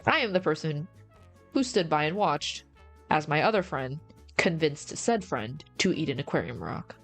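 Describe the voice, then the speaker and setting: A woman's voice: sits low, animated, normal speed, a bit bright, faint music behind. A woman streamer in casual, slangy livestream chat, rambling and answering her chat. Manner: rambling, slangy, says bro a lot.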